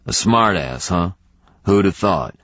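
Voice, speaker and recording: A man's voice: sits low, animated, slow, fairly bright tone, dry recording, heavily acted. A man voicing a terse, distrustful older drifter with a smoker's voice. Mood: gruff. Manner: blunt, terse, wry. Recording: slightly dull audiobook recording.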